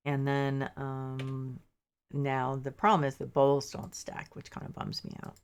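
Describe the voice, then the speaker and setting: A woman streamer with a low, gravelly voice chats casually with her viewers as she plays. She thinks aloud and drops mildly exasperated asides. She sounds a little sleepy. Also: little pitch movement, measured pace. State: sleepy, yawning. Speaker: game streamer. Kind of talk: casual gameplay commentary.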